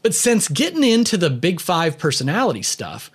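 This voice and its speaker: A man with a slightly raised pitch, speaking in a loose, conversational monologue about leadership and personality. He tells a story casually, leaning on "you know" fillers and chuckling lightly. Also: huge pitch swings, normal speed, breathy edge.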